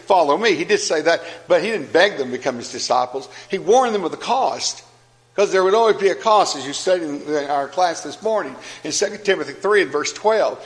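A man with a notably high voice delivers an earnest sermon. He reads scripture aloud and returns to his main points with emphatic repetition. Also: rough recording. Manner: earnest, emphatic, repeats key phrases. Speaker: preacher.

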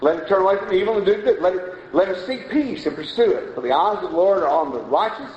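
Folksy preacher in a roomy hall. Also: male voice, high voice, lively intonation, fast talker, darkish tone. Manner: folksy, conversational preaching with asides and chuckles. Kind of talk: sermon. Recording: roomy, dull lo-fi sound with faint noise.

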